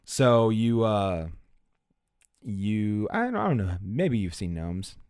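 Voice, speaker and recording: A man narrating a tabletop game as game master, pausing often with fillers and restarts. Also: lowish voice, expressive, a little mellow, smooth, no echo, clean studio sound. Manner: hesitant, many fillers and restarts.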